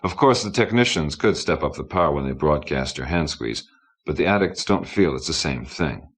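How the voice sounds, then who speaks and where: A man's voice: extremely low pitch, animated, moderate pace. Man doing Ricky Vixen, a sour faded starlet. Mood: scornful. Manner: haughty, bossy, worldly. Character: sour, scornful fading female entertainment star.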